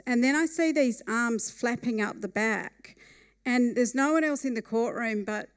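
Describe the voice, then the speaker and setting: Aussie woman telling a funny story live, wry and lively, kinda high smooth voice. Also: moderate pace.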